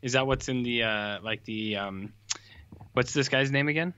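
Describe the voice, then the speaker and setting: A man's voice: mid-range voice, moderate pace, bright, forceful tone, clean tone, highs cut off. A man co-hosting a film podcast, laid-back and casual, chiming in with agreement and questions. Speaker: podcast co-host. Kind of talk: casual film review chat.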